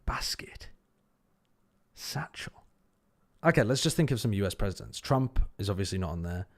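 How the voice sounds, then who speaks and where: A man's voice: fairly low pitch, expressive, fast talker. A man hosting a casual livestream, thinking aloud as he works a word puzzle, repeating words under his breath and swearing casually. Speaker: stream host.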